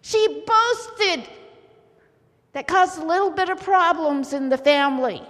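A woman preaching a sermon in a church, telling the story with lively, theatrical flair. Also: very high-pitched, a little slow. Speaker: pastor's wife preaching. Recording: church hall reverb.

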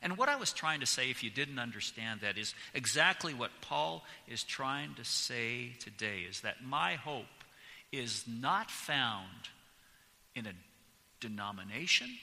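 A pastor preaching a sermon in a church, speaking slowly and with strong emphasis. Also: male voice, medium pitch, vocal fry, bright, forceful tone. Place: church sanctuary. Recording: long church reverb.

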